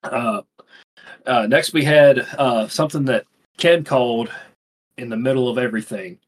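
Husky dude on a podcast, rambling, swears a lot, lots of uhs. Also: male voice, medium pitch, moderate pace. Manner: profane, rambling storyteller with many fillers. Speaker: podcast co-host. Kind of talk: casual chat.

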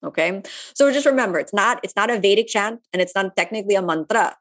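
During a live online session, a woman yoga instructor responds to viewer questions at a quick pace. Her voice is mid-range, and she keeps things relaxed and chatty with many asides.

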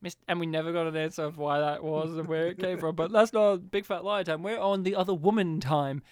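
A man's voice: fairly high pitch, fairly even intonation, a little fast, clear, resonant tone, dry recording, clean studio sound. A man co-hosting a podcast in casual chat, joking, laughing often and slipping into silly impressions. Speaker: podcast co-host.

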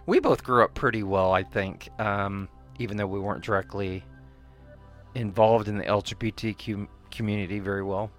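Over faint background music, a podcast co-host chats casually at a moderate pace with fairly even intonation. He rambles with plenty of fillers and restarts, acting out quoted people in higher voices.

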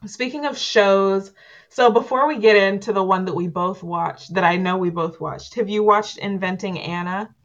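A woman co-hosting a casual chat show, retelling scenes with lively laughter. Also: medium pitch, moderate pace. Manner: lively storyteller, laughs a lot. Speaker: podcast co-host. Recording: dull lo-fi sound.

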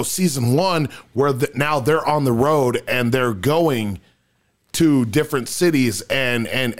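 Excitable man telling a rambling story. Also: medium pitch. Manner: excited storyteller, stacks up repeated "and"s and restarts. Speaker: podcast co-host. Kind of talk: casual podcast chat.

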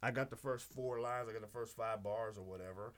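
A man from southeastern Michigan, a guest rapper in casual studio chat, with a light lisp, talking in an animated, profane way that swings loud when he gets excited. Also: fairly low pitch, fairly quick.

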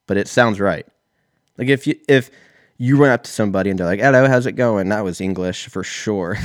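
A man's voice: fairly low pitch, dry recording, studio quality. A man in his thirties, telling a rambling, profane, self-mocking story in a casual solo podcast. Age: 30s. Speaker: podcast host.

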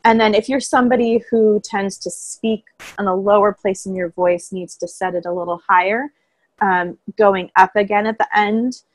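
Calm woman explaining voice warm-ups. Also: mid-range voice, moderate pace, no room sound, rough recording. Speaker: voice coach guest. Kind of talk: casual interview chat. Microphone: own microphone, remote call.

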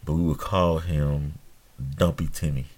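A man's voice: rumbling low, little pitch movement, unhurried, darkish tone. A man co-hosting a casual podcast chat, telling stories and reacting expressively. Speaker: podcast co-host.

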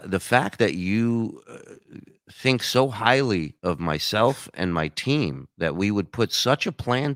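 A man, a show host appearing as a guest, telling stories in an animated way and laughing as he talks on a live stream. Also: low voice, dry recording, clean studio sound. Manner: storytelling, animated, laughs while talking. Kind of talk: casual live-stream chat.

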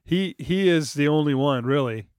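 A man co-hosting a casual film podcast, enthusiastic and quick to laugh. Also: fairly high pitch, expressive, darkish tone, clear, resonant tone, no echo, studio quality. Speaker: podcast co-host.

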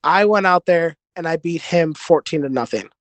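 Guy on a podcast, kinda high voice, earnest, restarts a lot, dry close sound. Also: expressive, normal speed, no echo. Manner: earnest, rambling with many restarts. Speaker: podcast guest, jiu-jitsu competitor. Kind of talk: casual interview storytelling.

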